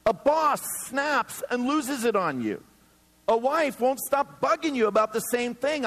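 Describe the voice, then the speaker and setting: In a big-room acoustic, this man's voice sits at an extremely high pitch as he delivers a sermon as pastor before a few hundred people in a church hall. His style is lively and humorous, and he plays the parts of the people he quotes.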